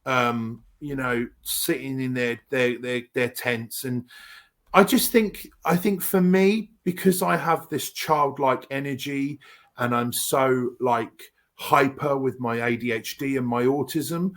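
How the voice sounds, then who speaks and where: An English man from Essex, an actor guest in an interview, telling animated stories with lots of restarts and fillers. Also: medium pitch, slow. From Essex, England. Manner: energetic, rambling, many restarts and fillers.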